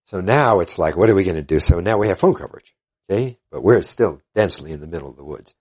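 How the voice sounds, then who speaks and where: An older man, a guest in an interview, earnestly retelling events in a halting way and quoting what others said. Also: sits low, lively intonation. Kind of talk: casual storytelling interview.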